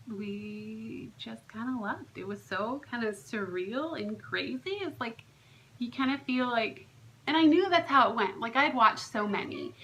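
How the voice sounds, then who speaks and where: A woman's voice: mid-range voice, sharp tone, poor audio. A young woman chatting casually to camera, telling a story with many fillers and acting out what others said. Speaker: vlogger, surrogate. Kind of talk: casual vlog recap.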